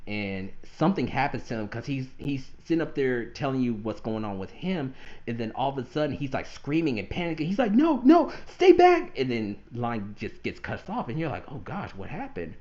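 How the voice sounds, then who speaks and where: Male podcast host, mid pitch, animated casual talk, slightly muffled recording. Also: fairly quick. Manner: animated, laughs often, acts out quotes. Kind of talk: casual chat.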